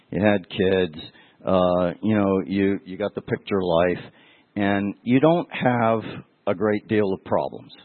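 A pastor with a lowish voice gives a conversational, emotional sermon, telling stories and speaking directly to his listeners. The recording is dry and tinny, like a phone.

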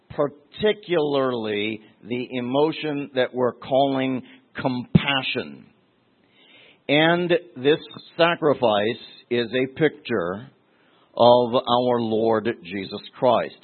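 A middle-aged man pastor preaching a teaching sermon, deliberate, with restarts and asides. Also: mid-range voice. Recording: tinny phone-like sermon recording.

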